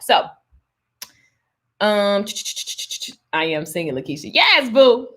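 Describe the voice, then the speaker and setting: A woman's voice: medium pitch, big pitch swings, slow, long pauses, fairly bright tone. Upbeat woman live streaming from her phone. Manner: upbeat, hypes viewers and greets commenters by name; chatty, with fillers and restarts. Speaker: online business coach hosting a live stream. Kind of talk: casual live stream chat with viewers.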